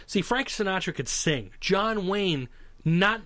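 A man's voice: sits high, animated, slow pace, bright, forceful tone, dry recording. A man co-hosting a casual chat, joking and rambling through stories with many restarts.

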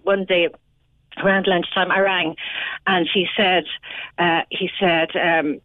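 Irish woman, fifties, calling in; low, earnest, halting; tinny phone line, dry. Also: little pitch movement, dry recording. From Ireland. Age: 50s. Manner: earnest, halting, many restarts. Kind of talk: emotional personal account.

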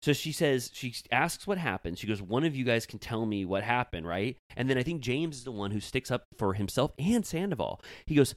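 A man's voice: medium pitch, brisk, hardly any pauses, dry recording. A man co-hosting a podcast, chatting casually and acting out quotes with lots of laughter. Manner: animated, laughs often, acts out quotes. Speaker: podcast co-host. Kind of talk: casual recap chat.

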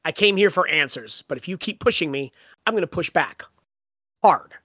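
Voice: mid-range voice, expressive, normal speed, pushed and bright, no echo. Host voicing a blunt young wizard, fed up and firm, dry close sound. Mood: defiant.

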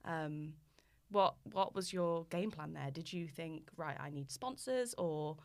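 A woman's voice: low-pitched, a little slow, creaky. A woman hosting a casual interview, encouraging her guest with frequent backchannels and laughter. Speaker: podcast host.

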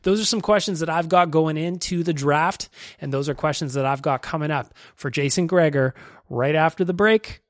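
A man's voice: on the high side, normal speed, dry recording, clean studio sound. Brash Canadian man hosting a podcast. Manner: brash, blunt, swears freely. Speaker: podcast host. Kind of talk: casual sports podcast talk with ad reads.

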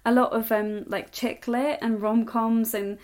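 A woman with a posh southern English accent co-hosts a casual podcast. Her voice sits a little high, and she talks in an eager, chatty way, quick to agree and keep things going. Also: flat delivery, darkish tone. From South West England. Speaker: podcast co-host. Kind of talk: casual chat.

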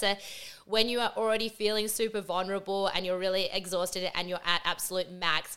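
A woman's voice: on the low side, bright, forceful tone, smooth. A woman in her twenties with an Australian accent, telling a personal story to camera in a chatty way, her phrase ends curving upward in a sing-song lilt. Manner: chatty, lots of "like" fillers. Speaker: vlogger.

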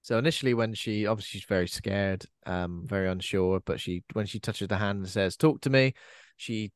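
A man's voice: on the low side, brisk, clean tone, no room sound, clean studio sound. A man hosting a podcast, talking casually about a horror film and often ending on tag questions. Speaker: podcast host.

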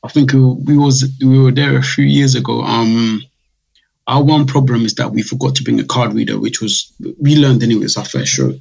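Male guest, gravelly and husky, chatty storyteller who acts out customers' voices. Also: medium pitch, steady tone, a little fast, a little mellow, muffled recording. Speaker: guest, drinks brand founder. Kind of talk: casual podcast interview.

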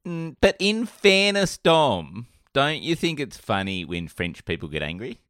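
A man's voice: mid-range voice, sing-song, a little slow, a bit bright, dry recording, clean studio sound. A man co-hosting a comedy podcast, rambling and self-mocking, laughing often. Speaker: podcast co-host. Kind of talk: comedic casual chat.

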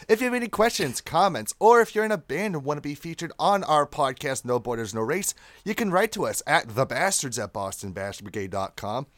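A man's voice: fairly high pitch, a bit bright, no room sound. A young man guesting on a podcast, steadily reading out where to find him. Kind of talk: reading out plugs.

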